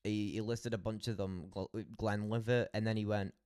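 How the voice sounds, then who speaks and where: Sweary young Scottish man, low-voiced. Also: fairly even intonation, moderate pace, darkish tone, clear, resonant tone, dry recording, studio quality. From Scotland. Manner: rambling, swearing storyteller with frequent laughs. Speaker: streamer. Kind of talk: casual late-night stream chat.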